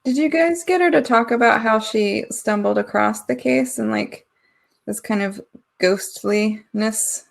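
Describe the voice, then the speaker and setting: Woman with a gravelly voice, teasing. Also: on the high side. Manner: quick, teasing interjections. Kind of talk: casual podcast chat.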